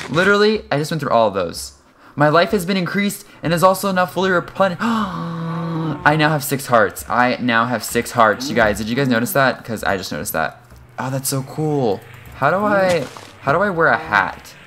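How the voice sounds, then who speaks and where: Young man, excitable game commentary, rambling self-mocking asides, mid-pitched voice, faint background hiss. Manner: excitable, jumps to high-pitched yelps when startled. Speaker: gaming channel host. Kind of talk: casual gameplay commentary.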